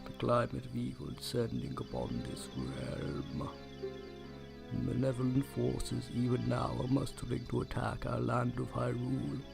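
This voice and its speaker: A man's voice: mid-range voice, unhurried, gravelly, music in the background. A man voicing an ancient, solemn male tree spirit in an old-man voice with archaic speech. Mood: grave.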